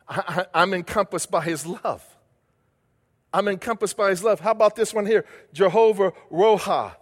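A man's voice: sits high, big-room sound. A male pastor delivering a sermon, building emphasis with repeated phrases and questions to the congregation.

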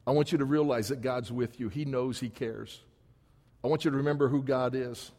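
A man's voice: mid-range voice, steady tone, brisk, darkish tone. A man preaching a sermon as pastor in a church, emphatic and repetitive in his cadence. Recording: long hall reverb.

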